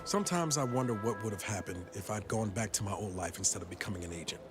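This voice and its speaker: A man's voice: fairly low pitch, fast talker, lightly acted. A man playing a weary male space agent, speaking in a dry, wry, reflective way in game dialogue. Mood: wistful. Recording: game audio with music behind.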